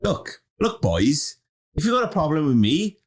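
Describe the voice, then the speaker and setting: A man's voice: a little high, very animated, a little slow, breathy edge, exaggerated voice. A man voicing a confrontational young man in a pub with a Welsh accent, blunt and challenging.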